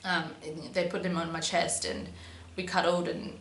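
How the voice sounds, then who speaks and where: A woman's voice: lowish voice, little pitch movement, normal speed, fairly bright tone. Chatty young woman in an echoey room. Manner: chatty, many "um"s and "but yeah"s. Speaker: vlogger. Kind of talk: casual storytelling to camera. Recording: echoey room with faint hum.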